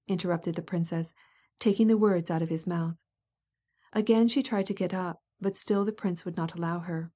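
A woman narrating a classic novel aloud in a measured, steady manner. Her voice is mellow and warm, with a soft, dark tone. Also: fairly low pitch. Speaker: audiobook narrator. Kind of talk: scripted audiobook narration.

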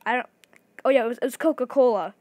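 A woman giving excited gameplay commentary, talking fast and restarting her sentences often. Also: a little high, no echo. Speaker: gaming video creator.

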